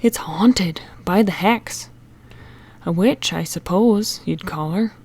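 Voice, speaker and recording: A woman reading an audiobook, voicing a stern superstitious countrywoman who tells a witch legend in a low, intense way. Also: unhurried, a little mellow. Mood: ominous.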